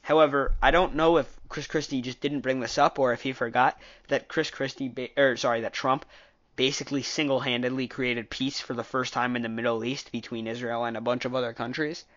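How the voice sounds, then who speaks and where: This political commentator talks fairly quickly in a steady, medium-pitched voice with a somewhat bright tone. Rambling and often correcting himself partway through sentences, he offers an opinionated, casual rundown of a political debate on a lo-fi recording.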